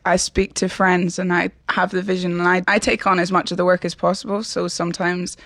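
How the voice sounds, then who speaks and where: A woman's voice: fairly low pitch, flat delivery, a little fast, fairly bright tone, no room sound. A woman from Edinburgh with a Scottish accent, a pop singer chatting candidly as an interview guest. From Scotland, Edinburgh. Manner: candid, chatty, laughs easily. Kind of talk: casual interview chat.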